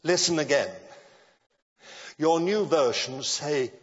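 A man's voice: mid-range voice, animated, slightly rough. Man preaching in a reverberant hall. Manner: measured preaching, rising to emphatic declarations. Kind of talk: sermon. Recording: dull lo-fi sound with long hall reverb.

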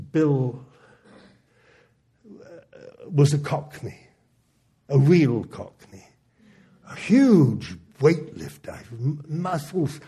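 A man preaching, telling a testimony story in an animated way with frequent chuckles. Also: mid-range voice, husky.

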